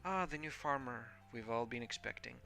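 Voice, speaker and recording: A man's voice: mid-range voice, moderate pace, vocal fry, sharp tone. A man voicing a refined young male poet in a formal, flowery manner.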